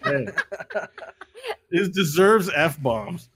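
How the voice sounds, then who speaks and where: A man narrating as game master of a tabletop game, animated and often laughing as he describes events. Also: high voice, very slow, husky.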